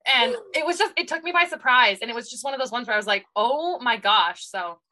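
A woman's voice: high-pitched, lively intonation, fast talker, sharp tone, rough recording. A young woman co-hosting a podcast, telling stories animatedly with frequent laughter. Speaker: podcast co-host. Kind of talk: casual chat.

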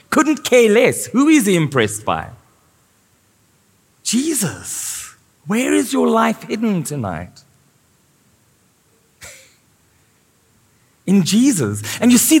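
A male pastor preaches a sermon, posing questions to his congregation as he goes. His voice sits high and slightly rough, and the live church recording carries long reverb.

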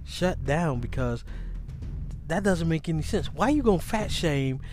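A man hosting a podcast, talking in a casual, animated, rambling monologue with many restarts. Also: a little high, unhurried, faint music behind. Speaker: podcast host.

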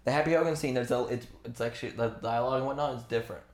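A man's voice: medium pitch, very fast, a little hiss or hum. A young man co-hosting a podcast, chatting casually through a movie, blunt and teasing with free swearing. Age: young adult. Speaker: podcast co-host. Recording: roomy echo.

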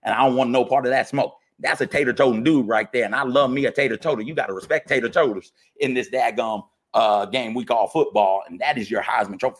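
A man, fired up and ranting about football as a podcast co-host, jumping from loud outbursts to low grumbles. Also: quick pace, few pauses. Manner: fired-up, swings from shouting to muttering. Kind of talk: heated sports rant.

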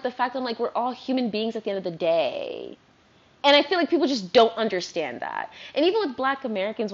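Woman vlogger, fairly high voice, rambling casual rant, dull lo-fi sound. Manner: rambling, animated, heavy use of "like". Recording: dull lo-fi recording.

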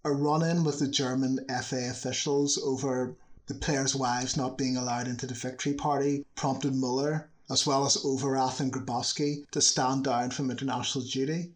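Man, football history narration, chatty, wry, mid pitch. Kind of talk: scripted video narration.

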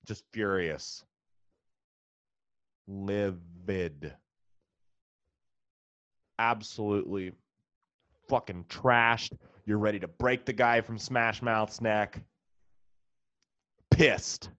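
A man's voice: on the low side, extremely slow, long pauses, fairly bright tone, dry recording. A man, a comedian and podcast host, delivering a profane, sarcastic, exasperated comedic rant. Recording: dull lo-fi, dry.

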